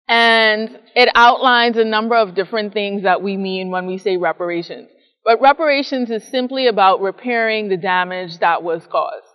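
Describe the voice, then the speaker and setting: A woman from the Bahamas, a psychologist and professor, giving measured explanatory answers in an interview and often ending a point with a tag question. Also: mid-range voice, long reverb tail, highs cut off.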